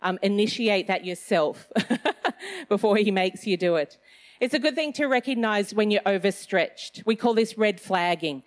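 A woman's voice: medium pitch, normal speed. A middle-aged woman giving a casual Christian talk, chatty and self-mocking, with loose phrasing and plenty of fillers. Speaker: Christian speaker.

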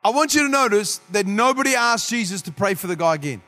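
A man preaching a sermon as pastor, building to shouted peaks and slipping into quick acted asides. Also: high voice, expressive.

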